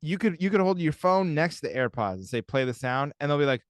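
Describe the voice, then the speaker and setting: A young man co-hosting a podcast in casual, jokey chat, arguing playfully and telling stories with a slightly husky throat. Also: fairly high pitch, sing-song, fast, no echo, clean studio sound. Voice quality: husky, like a smoker's voice right now. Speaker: podcast co-host.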